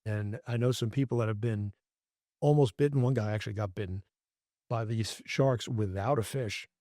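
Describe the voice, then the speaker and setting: Low-voiced man telling fishing stories. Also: normal speed, warm tone, dry recording, clean studio sound. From Florida. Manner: rambling, restarts sentences, folksy Southern-tinged phrasing. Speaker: fishing podcast host. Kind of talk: casual storytelling chat.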